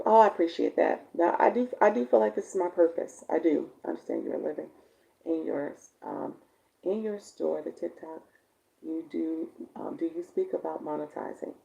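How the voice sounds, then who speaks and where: Raspy low woman coaching live. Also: rough recording. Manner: chatty, warm-toned, laughs often, answers viewers by name. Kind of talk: casual livestream chat reading viewer comments.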